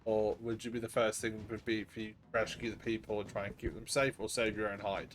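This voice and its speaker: A man's voice: lowish voice, level tone, a little fast, slight background noise. A man narrating as dungeon master in a casual, laughing way that drops in swear words. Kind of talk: narrating a tabletop game. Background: faint ambient game music.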